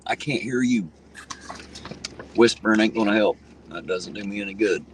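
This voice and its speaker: Driving along during a livestream, a man with a lowish voice rambles folksily at a normal pace and reads comments from his chat. The recording is rough, with road noise from the car audible behind him.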